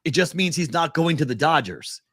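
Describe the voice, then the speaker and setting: A man co-hosting a sports betting podcast in casual talk, animated and laughing often, sometimes mimicking whiny voices. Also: a little high, normal speed, no echo.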